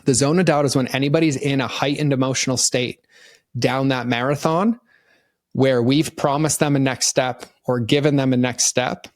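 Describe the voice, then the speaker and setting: A middle-aged man talks through business ideas in relaxed, conversational podcast style. He brings his points to life by acting out customers in quick, animated voices. His voice sits in a middle range and is recorded close and dry. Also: mid-range voice, no echo. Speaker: podcast guest, marketing consultant.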